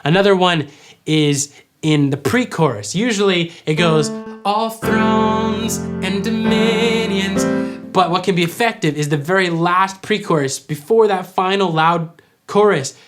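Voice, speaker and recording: A man teaching worship vocals, explaining clearly and singing short examples. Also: a little high, moderate pace, faint music behind. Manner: clear, instructive, demonstrates by singing. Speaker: vocal coach. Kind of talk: vocal tutorial with sung examples.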